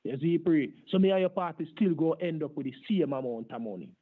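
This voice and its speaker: A man's voice: on the high side, lively intonation, a little fast. A man playing a boastful Jamaican street hustler in thick put-on patois, rambling on with "brother" and "my father", heard over a tinny phone line. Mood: insistent. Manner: rambling, long-winded, repeats "my father" and "brother". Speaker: scambaiter.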